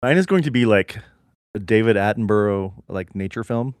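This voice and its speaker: A man's voice: on the low side, animated, moderate pace, smooth, no echo. A man co-hosting a comedy podcast who riffs on jokes with a dry, playful manner. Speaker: podcast co-host. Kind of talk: casual comedy chat.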